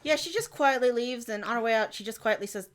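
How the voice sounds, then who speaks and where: A woman co-hosting a podcast, chatting casually and dropping quick jokey asides. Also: a little high. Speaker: podcast co-host. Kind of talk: casual chat.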